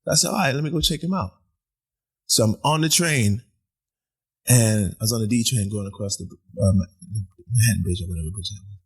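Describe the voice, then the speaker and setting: A man's voice: lowish voice, a little fast, breathy edge. A man, a musician guest, telling stories in casual chat in an apartment, acting out quoted voices and laughing often.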